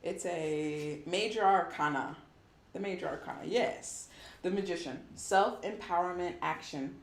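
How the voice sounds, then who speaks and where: A woman's voice: on the low side, a little slow, echoey room. A woman doing a casual tarot reading for viewers, upbeat and affirming as she reads card meanings aloud. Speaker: tarot reader.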